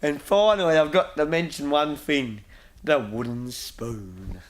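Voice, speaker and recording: A man's voice: a little high, a little slow, slight background noise. An Australian man hosting a homemade football show, rambling through his tips and rants with frequent restarts. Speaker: host of a local football show. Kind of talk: casual football tips segment.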